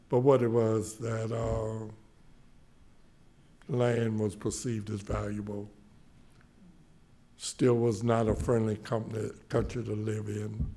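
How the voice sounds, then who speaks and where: An older man speaking as a panelist in a discussion, halting at times and repeating words as he works through his points. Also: fairly low pitch, warm tone. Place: public library meeting room.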